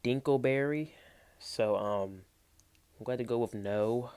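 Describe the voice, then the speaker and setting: A man reacting to clips in loose, slangy talk, incredulous and animated as he comments. He is recorded through a basic built-in mic instead of a proper microphone. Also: medium pitch, measured pace, clean tone. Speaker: reaction video host. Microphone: built-in mic, not a real microphone.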